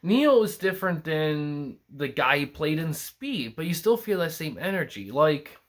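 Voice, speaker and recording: A young man hosts a casual solo film review, rambling through lots of restarts and fillers. His pitch is fairly high, and he sounds very animated but unhurried.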